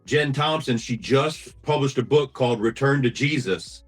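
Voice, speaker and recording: A man's voice: mid-range voice, normal speed, faint music behind. A man who is a podcast guest, chatting in a friendly, upbeat way. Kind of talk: casual conversation.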